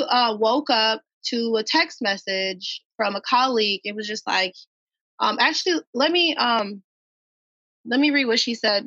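A woman's voice: on the high side, bright, forceful tone, no echo. A woman from Minnesota, a guest on a podcast, telling a personal story in an earnest way and repeating phrases for emphasis. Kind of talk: emotional personal account. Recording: dull, dry podcast audio.

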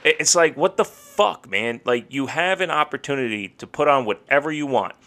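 A man's voice: mid-range voice, moderate pace, a bit bright. A young man co-hosting a podcast, ranting heatedly in casual talk and swearing freely. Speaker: podcast co-host.

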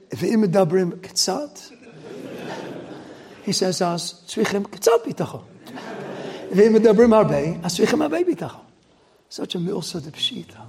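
A man, a rabbi, giving a sermon, swinging from loud outrage to hushed emphasis. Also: high-pitched, gravelly, breathy edge.

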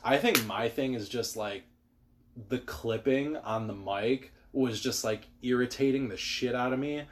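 A man's voice: mid-range voice, unhurried, noisy background. A young man co-hosting a podcast in crude casual chat, rambling and swearing, with lots of likes. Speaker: podcast co-host.

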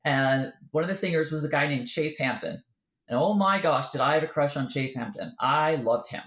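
Animated woman telling a story, roomy sound. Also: low-pitched, moderate pace, lo-fi sound. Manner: animated storyteller, acts out quoted voices. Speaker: author guest. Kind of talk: casual interview chat.

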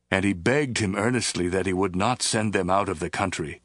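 Casting: a steady male narrator for a scripture audiobook, lowish voice, measured, dry booth sound. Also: no echo. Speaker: scripture reader. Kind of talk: scripted Bible reading.

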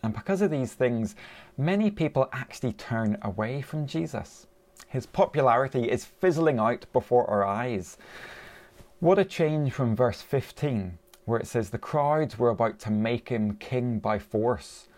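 A man's voice: medium pitch, animated, measured pace, a little mellow. A man preaching a sermon in a conversational way, asking his listeners rhetorical questions.

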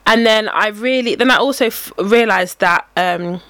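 A woman's voice: mid-range voice, moderate pace, bright, forceful tone, dry recording. A young woman, casually telling a story on a podcast, acting out quotes and laughing often. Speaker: podcast co-host. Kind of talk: casual chat.

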